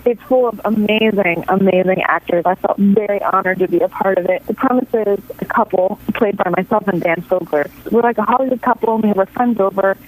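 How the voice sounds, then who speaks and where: A woman's voice: medium pitch, a little fast, hardly any pauses, rough recording. A woman in her thirties from New York City, an actress chatting as a radio interview guest, laughing often and restarting her sentences. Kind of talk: casual interview chat.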